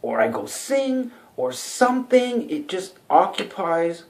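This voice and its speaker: A man's voice: very high-pitched, expressive, takes it slowly, gravelly, darkish tone. A middle-aged man from Canada, a singer, telling a personal story in a vlog, rambling and earnest, with many "okay"s and "you know"s. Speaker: singer and vlogger.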